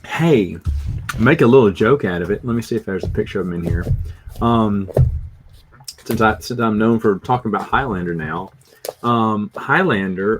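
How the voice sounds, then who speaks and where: This livestream host is a middle-aged Southern American man whose voice sits fairly low, with a noisy background behind him. Self-deprecating and relaxed, he wanders through anecdotes and reads out viewer comments.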